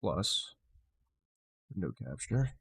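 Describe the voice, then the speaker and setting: A man's voice: fairly low pitch, sing-song, takes it slowly, creaky, a bit bright, husky. A man live streaming, frustrated as he fixes his setup, swearing and muttering to himself.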